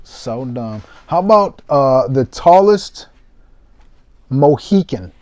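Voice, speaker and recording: Young male card-break streamer, mellow tone, dry close sound, hyped and self-deprecating with casual cursing. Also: mid-range voice, slow, dry recording. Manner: excitable, self-mocking, swears casually. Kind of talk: casual live-stream commentary.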